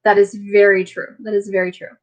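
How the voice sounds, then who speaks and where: A woman's voice: medium pitch, flat delivery, fairly quick. A woman hosting a casual live chat and talking to her viewers in a rambling, friendly way, with lots of fillers. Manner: rambling, chatty, many fillers; warm, friendly toward viewers. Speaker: live stream host.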